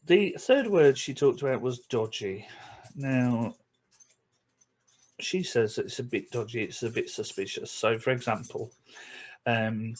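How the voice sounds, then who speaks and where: A man with a Yorkshire accent chatting casually to camera as a vlogger, chuckling between remarks and slipping into quick asides. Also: medium pitch. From England.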